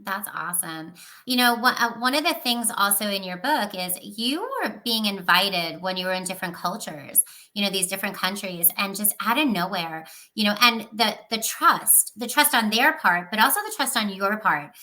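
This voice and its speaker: A woman's voice: medium pitch, lively intonation, normal speed, hardly any pauses, bright, forceful tone, rough recording. A woman hosting a casual interview, gushing and enthusiastic, speaking straight to her listeners. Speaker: host.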